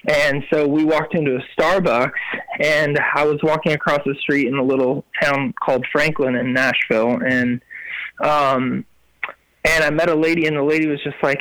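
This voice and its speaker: Young guy worship musician telling his story, kinda high voice, dry close sound, lots of likes and ums. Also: moderate pace, no room sound, rough recording. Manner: animated, lots of fillers, acts out quotes. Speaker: guest, Christian worship musician. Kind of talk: casual storytelling interview.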